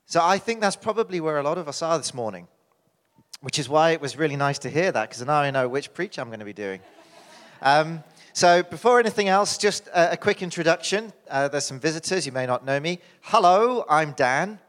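A man's voice: on the high side, expressive, a little fast, a bit bright. Chatty British man preaching in a church hall. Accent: British English. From United Kingdom. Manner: chatty, joking, with many fillers and restarts. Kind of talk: sermon. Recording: hall reverb.

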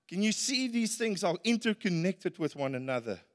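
South african preacher guy, high voice, gets emphatic, big echoey church sound. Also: very animated, moderate pace. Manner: earnest, rises to emphatic peaks. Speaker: pastor. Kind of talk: sermon. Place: church hall. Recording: reverberant church hall.

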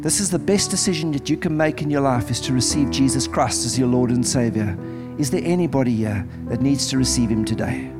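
A man's voice: mid-range voice, a little fast, hardly any pauses. A man preaching as pastor in a church service, earnest and pleading, repeating phrases as he leads an altar call. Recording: music playing behind.

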